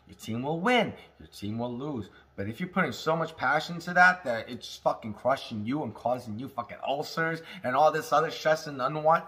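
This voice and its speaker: A man hosting a casual cannabis talk, high and rambling, swearing freely, joking and coughing between lines. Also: a bit bright. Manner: rambling, profane, jokey, with laughs and smoker's coughs. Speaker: cannabis review host. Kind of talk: casual stoned monologue.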